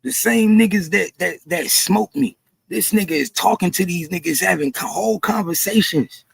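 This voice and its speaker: A man doing heated livestream commentary, repeating himself in disbelief and often shouting. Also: high voice, moderate pace, gravelly, slightly rough, no room sound. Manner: repetitive, incredulous, frequently shouting. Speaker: commentary streamer.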